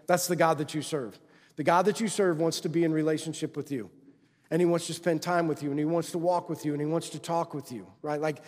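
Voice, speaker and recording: A man's voice: sits high, big-room sound. A male pastor preaching a sermon in a church, talking conversationally and checking in with the congregation with constant tag questions. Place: church sanctuary.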